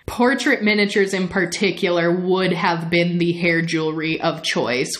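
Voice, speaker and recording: A woman's voice: fairly low pitch, fairly bright tone. A woman hosting a podcast, telling a story in casual, chatty chat and often laughing. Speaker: podcast host.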